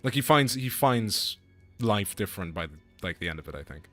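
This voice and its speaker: A young man streaming a game, talking casually in a rambling, excitable way with lots of restarts and swearing. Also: lowish voice, a little fast, faint music behind. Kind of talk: casual gameplay commentary.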